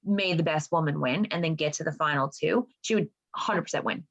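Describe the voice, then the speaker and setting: Animated swearing woman podcast co-host. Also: low voice, fairly quick, muffled recording. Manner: animated, swears often, lots of "like". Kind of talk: casual chat.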